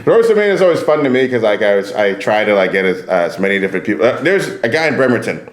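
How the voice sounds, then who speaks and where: A man hosts a comedy podcast with crude, rambling talk and frequent laughter. His pitch swings up and down a lot as he jokes. The room around him is echoey. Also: very animated, fast. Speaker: podcast host. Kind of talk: casual comedic chat.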